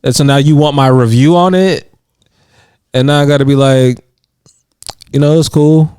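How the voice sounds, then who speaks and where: A man's voice: on the high side, steady tone, normal speed, dark tone, clear, resonant tone, dry recording, studio quality. Chatty man with lots of fillers. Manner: rambling, heavy on "like" fillers, laughs often. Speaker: podcast co-host. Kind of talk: casual chat. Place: indoors on a couch.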